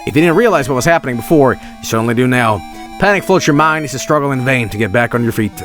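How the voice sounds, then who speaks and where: A man's voice: mid-range voice, expressive, quick pace, fairly bright tone, faint music behind. A man, streaming a text adventure game, reading it aloud with loose, joking, swearing commentary.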